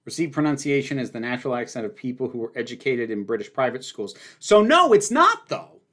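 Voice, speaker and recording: Male streamer host, emphatic and opinionated, lively up-and-down delivery. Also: medium pitch, fairly quick. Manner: opinionated, emphatic, rambling with fillers. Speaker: livestream host answering viewer questions. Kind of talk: casual livestream chat.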